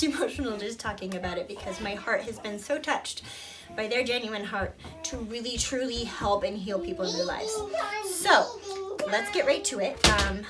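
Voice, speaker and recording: Earnest woman, slightly higher voice, mic at a distance. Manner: earnest and emotional, rambling with fillers and restarts. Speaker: product reviewer, mother of toddler twins. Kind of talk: heartfelt product review to camera. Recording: distant mic with clear background noise.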